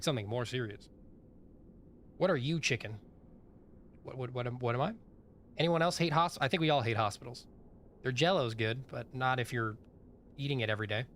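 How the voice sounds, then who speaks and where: Brief: male streamer, mid-pitched voice, rambling chatty commentary, game noise clearly behind. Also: a bit bright. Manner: rambling, chatty, lots of fillers. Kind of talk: casual live-stream commentary.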